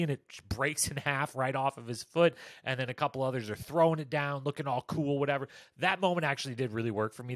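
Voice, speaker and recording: Man, recap host, a bit high-pitched, animated delivery, dry close mic. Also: no room sound. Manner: animated, jumps pitch for quoted lines. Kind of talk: casual commentary.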